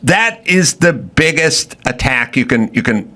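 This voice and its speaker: A man's voice: medium pitch, big pitch swings, measured pace, bright, forceful tone. A man hosting a talk show, ranting with sarcasm and profanity and acting out the lines of the people he mocks. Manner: profane, sarcastic, acts out quoted voices. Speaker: show host.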